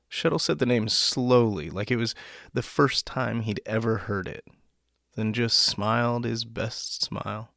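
A man hosting a story podcast, reading a short story aloud after relaxed, self-deprecating remarks. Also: mid-range voice, measured pace, gravelly, dry recording, studio quality. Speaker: podcast host and narrator.

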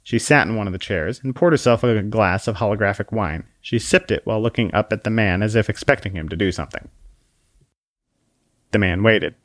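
A man's voice: lowish voice, quick pace, few pauses, no echo. A man reading a story aloud in a wry, dry storytelling manner. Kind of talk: storybook narration.

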